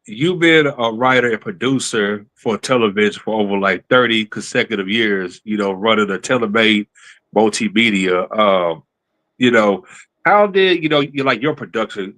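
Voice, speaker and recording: Male talk-show host, lowish voice with a bright edge, easygoing questions. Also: lively intonation, moderate pace. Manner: encouraging, short reactions. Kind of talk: casual interview.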